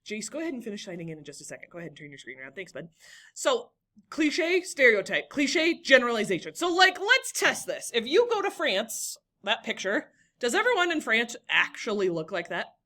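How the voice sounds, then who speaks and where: A woman's voice: fairly high pitch, wildly swooping pitch, fairly quick, sharp tone. A young woman teaching a classroom lesson, encouraging and talking to students by name.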